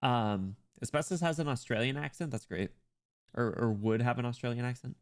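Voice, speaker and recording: A man streaming a game while sick, chatting with viewers and reading dialogue aloud. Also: mid-range voice. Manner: chatty and animated, quick asides with laughs. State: sick, voice cracking.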